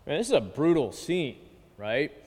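A man's voice: on the high side, sing-song, moderate pace, darkish tone. A male pastor giving a conversational sermon, often checking in with "okay" and "right". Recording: long hall reverb.

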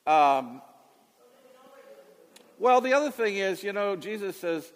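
A man's voice: high-pitched, sing-song, slow pace, in a large hall. A man in his late fifties, a radio Bible teacher answering callers in a folksy, rambling way with restarts. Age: 50s. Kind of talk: call-in radio chat.

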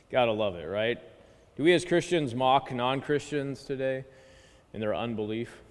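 A man's voice: medium pitch, slow. A male pastor giving a conversational sermon, often checking in with "okay" and "right". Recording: long hall reverb.

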